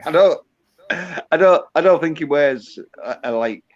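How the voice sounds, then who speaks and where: A man's voice: on the high side, animated, measured pace. A man hosting a casual livestream, trading crude, profane banter with his guests. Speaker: livestream host. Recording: dull lo-fi sound.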